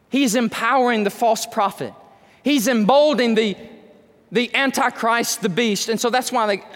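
A man's voice: high-pitched, big-room sound. A man pastor preaching an emphatic sermon full of rhetorical questions, speaking in a church sanctuary.

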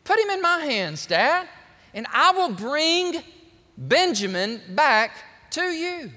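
A man's voice: very high-pitched, very animated, slow, sharp tone, voice pushed up, full character voice. A preacher acting out an eldest son who earnestly begs his father and promises to bring his brother back. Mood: imploring. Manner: earnest, imploring. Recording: long hall reverb.

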